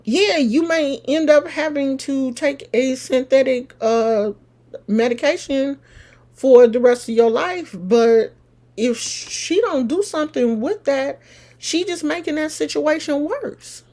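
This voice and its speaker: A middle-aged woman with a lilt talks to her camera audience like an old friend, unhurried and easygoing. Her voice sits a little high, and she fills the story with asides to the viewers. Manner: chatty, animated, talks straight to viewers. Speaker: vlogger.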